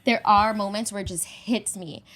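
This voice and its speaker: A woman's voice: medium pitch, steady tone, normal speed, fairly bright tone. Candid woman sharing with fillers. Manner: candid, heartfelt, filler-heavy with frequent "like". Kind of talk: casual podcast conversation.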